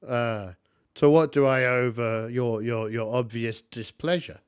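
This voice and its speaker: Casting: a man playing a wry, drawling captive, slow and dry. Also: medium pitch, clear, resonant tone, dry recording, natural voice.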